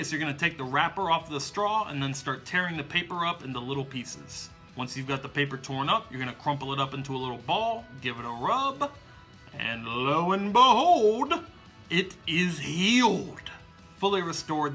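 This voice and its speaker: A man's voice: on the high side, pushed and bright. A man hosting a magic tutorial, explaining each trick step by step in an upbeat way. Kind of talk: instructional demonstration.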